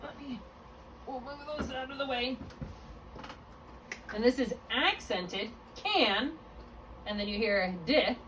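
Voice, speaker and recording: A woman's voice: on the high side, unhurried, pauses often. A woman tutoring a student one-on-one in phonics. She explains step by step and often stops to correct herself. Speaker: reading tutor. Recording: distant mic with faint room noise.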